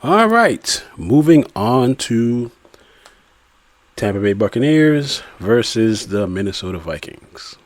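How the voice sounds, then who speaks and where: A man's voice: mid-range voice, very animated, takes it slowly, no echo. A man hosting a casual sports podcast, reading out matchups and odds and calling on each co-host for a pick. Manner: leads the segment, reads matchups and odds. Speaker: podcast host running weekly picks. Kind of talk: casual chat.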